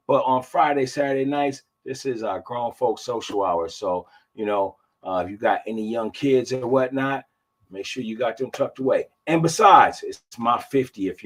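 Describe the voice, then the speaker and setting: A man of fifty hosting a live podcast in a laid-back, drawling style. He repeats phrases and calls his listeners y'all. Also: mid-range voice. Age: 50s. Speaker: podcast host. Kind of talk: casual live podcast chat.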